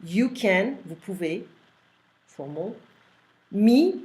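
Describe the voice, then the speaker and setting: A woman's voice: on the low side, expressive, a little slow, dark tone. A woman teaching an online French lesson. She explains step by step and repeats phrases, using fillers.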